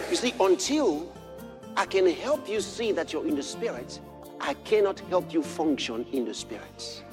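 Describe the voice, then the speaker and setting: A man preaching a sermon, telling a personal story with animated delivery that moves between hushed passages and shouted exclamations. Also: on the high side, moderate pace, over music.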